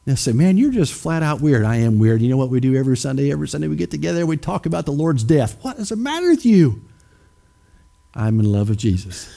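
A man's voice: mid-range voice, very animated, fast talker, vocal fry, dark tone. A man preaching a sermon, emphatic and questioning his congregation directly. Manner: acts out skeptics in mocking voices.

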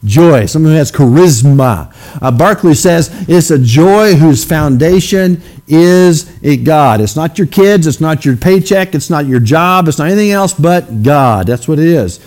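A pastor, a man, leads a sermon in a church. His voice sits a little high for a man. He keeps it conversational, explaining words and checking in with listeners as he goes. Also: animated, measured pace, darkish tone. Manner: conversational preaching, frequent "okay?" check-ins with the congregation. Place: church sanctuary.

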